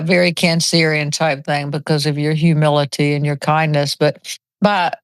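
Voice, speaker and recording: A woman's voice: low-pitched, dry recording. Chatty woman in her seventies. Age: 70s. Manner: chatty storyteller, acts out quotes. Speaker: host. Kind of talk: casual chat.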